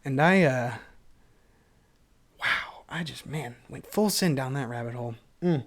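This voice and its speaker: A man's voice: mid-range voice, measured pace, a bit bright. A man hosting a casual solo podcast, rambling in a self-deprecating stream of consciousness with lots of fillers, a little tipsy from wine.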